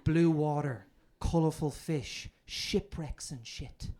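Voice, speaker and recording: A man's voice: on the high side, takes it slowly, very noisy. A man with an Irish accent performing a stand-up comedy set, telling stories in a brash, profane way. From Ireland. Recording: comedy club audience laughter.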